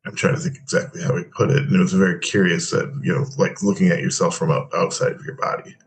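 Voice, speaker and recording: A man's voice: low-pitched, little pitch movement, fast, low-quality recording. A man in a study group talks hesitantly, thinking aloud about a passage he read. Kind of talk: reflective group discussion.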